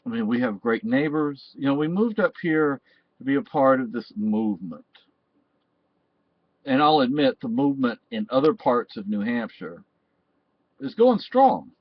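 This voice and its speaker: A Texan man with a mid-range voice rambles through a personal monologue, often restarting and repeating phrases. The recording is dull, dry and lo-fi.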